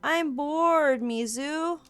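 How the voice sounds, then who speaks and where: A woman plays a meek, whiny younger brother from a story game, high and complaining in tone. He drags out his slow grumbles, with soft music behind him. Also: exaggerated voice. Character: timid whiny young man, a little brother.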